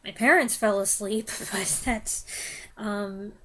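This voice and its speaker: A woman's voice: medium pitch, fairly even intonation, slow, a bit bright. A young woman reviewing films, stumbling over lines, restarting takes and laughing at herself. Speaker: film reviewer. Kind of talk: blooper reel of review takes.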